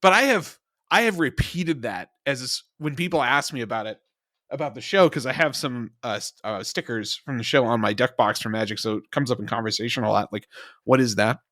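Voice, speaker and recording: A man co-hosting a podcast in casual chat, animated and emphatic, laughing often. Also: mid-range voice, brisk, no room sound, clean studio sound. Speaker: podcast co-host.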